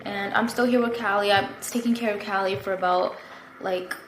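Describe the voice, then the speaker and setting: A woman's voice: medium pitch, steady tone, normal speed, soft background music. A young woman vlogger telling a story-time update in a casual, rambling way, full of fillers and "like", from her apartment. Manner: chatty, rambling, lots of fillers and "like". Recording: echoey room, faint ambience.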